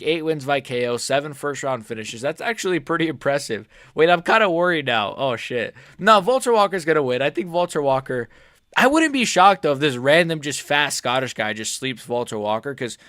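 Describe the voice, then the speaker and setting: A man talks through his fight predictions in a loose, excitable vlog style, cursing often and catching himself mid-thought. His voice sits at an ordinary middle pitch. The sound is dry and close, with no room echo. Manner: excitable, swears a lot, jokey, self-correcting. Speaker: MMA prediction channel host.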